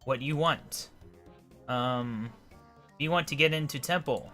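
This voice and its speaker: A man's voice: medium pitch, unhurried, pushed and bright, faint music behind. A man voicing a blunt male goblin gatekeeper in a video game, speaking in broken grammar.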